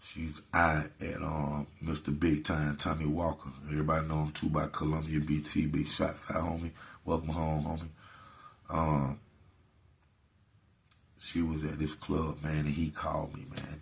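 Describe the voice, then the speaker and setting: Very deep, gravelly-voiced man. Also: little pitch movement, normal speed. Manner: laid-back, peppered with "man" and "you know". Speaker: host. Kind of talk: casual storytelling to camera.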